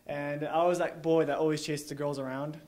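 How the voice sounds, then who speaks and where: A man's voice: on the high side, level tone, fairly quick, darkish tone. A young man telling a live story to an audience, rambling with lots of "like" and chuckling along the way. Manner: rambling, heavy use of "like", chuckles while telling.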